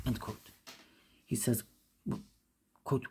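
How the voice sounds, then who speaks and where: A woman reading a classic essay aloud, with an emphatic delivery, often going back to fix misread words, in a gravelly, husky voice. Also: rumbling low, lively intonation, normal speed, dark tone, a little hiss or hum. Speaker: reader.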